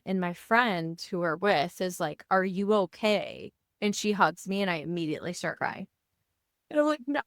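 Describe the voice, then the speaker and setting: A woman's voice: mid-range voice, normal speed, no room sound, clean studio sound. A woman in her thirties, a podcast co-host, telling a personal story in a casual chat and acting out the dialogue as she goes. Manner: animated, acts out dialogue in her retelling.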